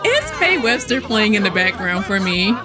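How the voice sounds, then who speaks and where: A young woman hosts a laid-back gameplay commentary, chatting away to her viewers, calling them y'all and laughing a lot. She slips into excited squeals and mock exasperation, her voice medium-pitched at a moderate pace, with music playing behind her.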